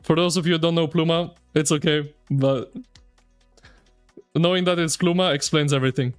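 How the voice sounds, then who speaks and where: Excitable ranting male game streamer. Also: on the high side, moderate pace, clear, resonant tone, soft background music. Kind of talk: casual live-stream commentary.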